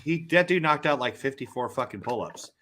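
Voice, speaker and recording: A man chatting casually on a live stream, telling profane, animated war stories with quoted back-and-forth. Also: medium pitch, brisk. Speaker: podcast co-host. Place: home studio, live stream.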